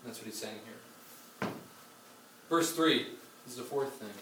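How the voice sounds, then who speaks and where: A man's voice: mid-range voice, slow, noisy background. A man preaching a sermon in a conversational way, with frequent fillers and asides, recorded from a distance in a church hall. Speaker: pastor. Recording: roomy sound from a distant mic with faint ambience.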